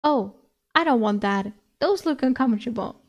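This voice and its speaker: Girl doing a loyal talking dog, super literal, flat blunt delivery, kinda high voice. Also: normal speed, natural voice. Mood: puzzled. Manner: blunt, literal, matter-of-fact. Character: earnest literal-minded male magic dog. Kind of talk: reading a novel aloud with voices.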